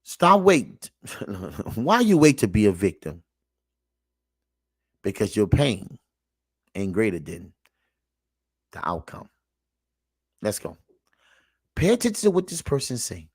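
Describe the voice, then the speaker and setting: Preachy man swinging from mutters to shouts. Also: huge pitch swings, a little slow, pauses often, breathy edge, no room sound, studio quality. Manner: swings from low muttering to loud emphatic shouting; sermon-like, repeats himself, calls out to the audience. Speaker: online show host reacting to clips. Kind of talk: preachy reaction commentary.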